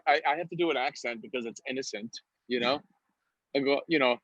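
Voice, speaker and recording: A man's voice: medium pitch, quick pace, fairly bright tone, no room sound, dull audio. A man with a New York accent, a comedian guest on a casual podcast, telling stories and slipping into put-on voices, laughing often. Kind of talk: casual podcast interview, storytelling.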